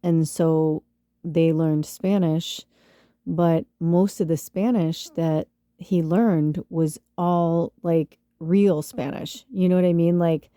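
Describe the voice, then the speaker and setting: A woman's voice: lowish voice, fairly even intonation, slow, warm tone, clear, resonant tone, no echo, studio quality. A woman from the Chicago suburbs, telling a rambling, profanity-laced story on her spiritual podcast, full of fillers and laughs. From Chicago suburbs, US Midwest. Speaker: spiritual medium podcast host. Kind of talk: casual storytelling monologue.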